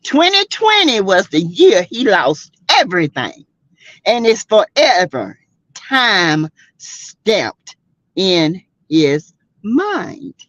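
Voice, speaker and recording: A woman's voice: medium pitch, very animated, very slow, a bit bright, no echo, muffled recording. A woman from South Carolina hosting a livestream, giving sassy, outspoken, slangy commentary on a reality show to her live chat and laughing often. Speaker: livestream host.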